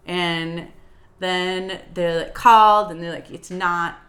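A young woman co-hosting a podcast, telling a travel story in an animated, chatty way with bursts of laughter. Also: on the low side, takes it slowly. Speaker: podcast co-host. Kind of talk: casual chat, storytelling.

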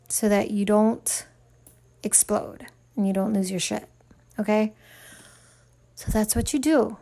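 A woman's voice: mid-range voice, moderate pace, warm tone. A woman giving parenting advice in a frank, emphatic monologue, talking straight to the listener. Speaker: parenting advisor.

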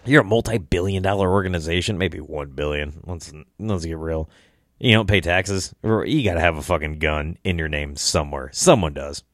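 A man's voice: low-pitched, moderate pace, no room sound, studio quality. A young man hosting a solo podcast, tired and tipsy, rambling casually and swearing a lot. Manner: rambling, profane, laid-back. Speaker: podcast host.

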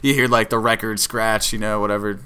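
A young man telling a party story in casual chat, animated, laughing often and acting out what people said. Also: fairly low pitch, a little fast, clean tone. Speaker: podcast guest telling a story.

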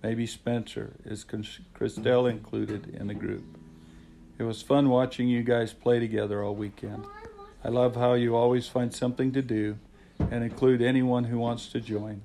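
A man's voice: mid-range voice, flat delivery, normal speed, vocal fry, mellow, slight background noise, poor audio. A middle-aged man, a father, reading a heartfelt, devout letter to his family aloud, then chatting. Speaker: father of the hosts.

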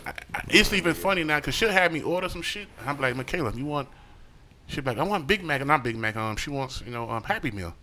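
A man telling stories in a podcast chat, animated and profane, acting out the lines of the people in his stories. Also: medium pitch, fast talker, few pauses. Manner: animated, profane, acts out quotes. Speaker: podcast co-host. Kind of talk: casual storytelling chat.

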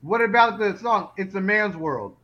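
A man in a casual podcast chat, chiming in with quick questions on a dull lo-fi recording. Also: sits high, lively intonation, a loud crowd. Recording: dull lo-fi sound.

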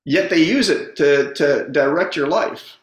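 A man telling personal stories in a reflective, casual way, often repeating and restarting words. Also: on the high side. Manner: halting, repeats words, earnest storytelling. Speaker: speaker on personal growth. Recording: roomy echo.

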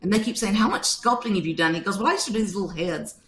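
Bright, animated woman storyteller. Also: medium pitch, rapid-fire, echoey room. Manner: animated storytelling, acts out quotes. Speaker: guest author. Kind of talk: podcast interview.

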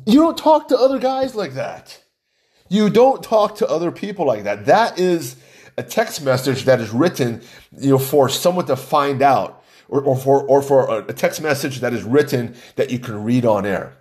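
A man's voice: medium pitch, a little mellow. A man giving opinionated news commentary in a mocking tone, laughing often as he talks.

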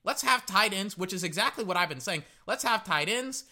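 Brief: man, fan commentator, high lively voice, sharp bright tone, rambling live game reactions. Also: brisk. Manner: excitable, rambling, repeats words.

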